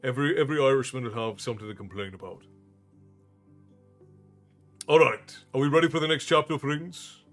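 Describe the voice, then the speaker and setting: A man's voice: medium pitch, a little fast, pauses often, faint music behind. A man from Ireland hosting a livestream, chatting casually and greeting viewers by name in a friendly, rambling way. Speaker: livestream host and storyteller. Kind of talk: casual chat with stream viewers.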